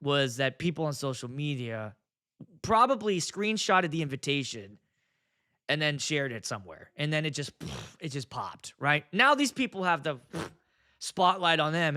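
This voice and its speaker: Animated, blunt DJ talking casually. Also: male voice, a little high, moderate pace. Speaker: wedding DJ and video host. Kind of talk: casual monologue.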